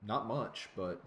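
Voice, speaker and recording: A man's voice: lowish voice, a bit bright. A young man casually commenting on a game he streams, wry and joking. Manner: wry, joking, laughs often.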